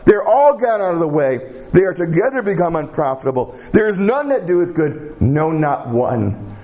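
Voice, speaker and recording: A man preaching a sermon who repeats key phrases for emphasis and drops to a quiet hush when he prays. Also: fairly high pitch, very animated, normal speed.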